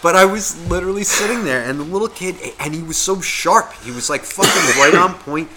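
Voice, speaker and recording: A man's voice: high-pitched, brisk, crowd noise. A man co-hosting a podcast, telling a casual story full of swearing and acting out the voices of people in it. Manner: profane, animated, acts out quoted voices. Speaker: podcast co-host.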